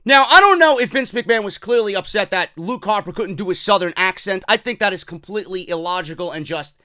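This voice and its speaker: High, bright-voiced ranting man. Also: brisk, dry recording. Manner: excitable, profane, rambling. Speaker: wrestling podcast host. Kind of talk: casual opinion rant.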